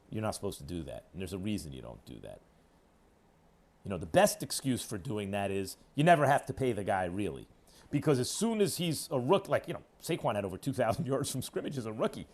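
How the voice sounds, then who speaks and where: Emphatic sports radio host, lively swings. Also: male voice, fairly quick. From New York. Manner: emphatic, hectoring, swings between loud and low. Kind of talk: opinionated sports talk monologue.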